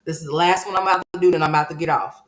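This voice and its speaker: A woman's voice: low-pitched, fairly even intonation, racing. A woman hosting a livestream commentary, talking in a blunt, profane, scolding way. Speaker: commentary channel host.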